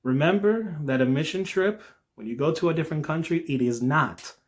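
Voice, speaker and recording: Earnest young man sharing devotional thoughts. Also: brisk. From New Jersey. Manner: earnest, lively rises in pitch, frequent "all right?" asides. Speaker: Christian video creator. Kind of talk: devotional talk to camera.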